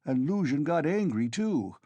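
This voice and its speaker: A man voicing a tipsy, blustering young friend in an audiobook, loud and urgent. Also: fairly high pitch, very animated, unhurried, no echo, dull audio, voice pushed up.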